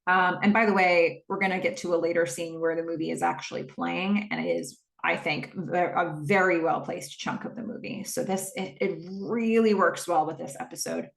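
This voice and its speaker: A woman's voice: on the low side, moderate pace, creaky, few pauses, roomy sound. A woman hosting a podcast, casually retelling a TV episode scene by scene and quoting the characters as she goes. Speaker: podcast host.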